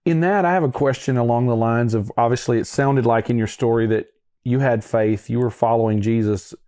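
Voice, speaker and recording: A man co-hosting a podcast, with an ordinary mid-pitched voice. He asks his guest long, searching questions in a relaxed, conversational way. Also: brisk. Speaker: podcast co-host. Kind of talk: casual interview chat.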